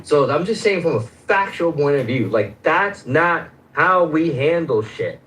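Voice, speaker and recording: A man's voice: on the high side, animated, unhurried, reverberant, background noise. A man in a heated stage debate who is insistent and swears, repeating his opponent's name over and over.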